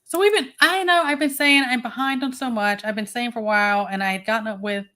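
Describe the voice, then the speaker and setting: A woman's voice: fairly high pitch, steady tone, fast, sharp tone. Chatty woman hosting a livestream. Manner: chatty, greets viewers one by one. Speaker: livestream host. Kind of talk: casual livestream chat.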